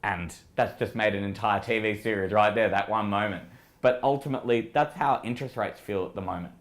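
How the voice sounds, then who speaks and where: A man with an Australian accent, speaking as a guest strategist. He talks through the markets in a low voice, analytical and at times emphatic. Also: brisk. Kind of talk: casual market discussion.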